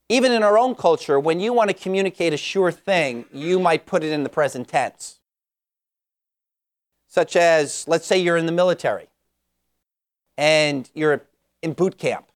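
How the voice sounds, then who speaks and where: A man preaching an expository Bible sermon, reading scripture passages aloud and explaining them. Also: on the high side.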